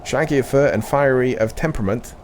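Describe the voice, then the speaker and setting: A man reading out a stern army commander's lines from a game, slowly and deliberately. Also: medium pitch, darkish tone, slight background noise, pitched above the performer's own voice, lightly acted. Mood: solemn.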